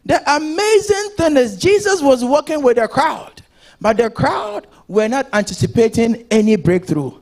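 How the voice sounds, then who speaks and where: A man preaching a sermon as pastor, moving from speech into shouted and sung passages. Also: extremely high pitch, very animated, normal speed.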